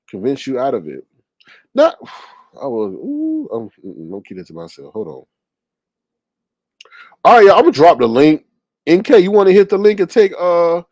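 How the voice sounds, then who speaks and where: A man in casual livestream commentary, chatty and gossipy. His voice swings widely in pitch, with frequent exclamations. The sound is dry and close to the mic. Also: darkish tone, no room sound. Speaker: livestream host reading chat.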